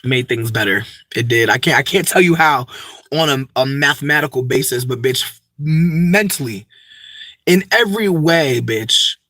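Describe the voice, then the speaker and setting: A man's voice: medium pitch, normal speed, bright, forceful tone, no echo. A young man, rambling in a profane, campy, unscripted vlog monologue full of asides. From United States. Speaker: vlogger.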